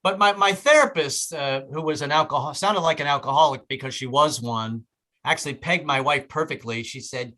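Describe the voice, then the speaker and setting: A male stand-up comic with a bright, ringing voice, working a club stage. He stammers and restarts his sentences, then lands each punchline with a jump in volume. His pitch sits a little above the usual. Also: moderate pace. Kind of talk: stand-up set.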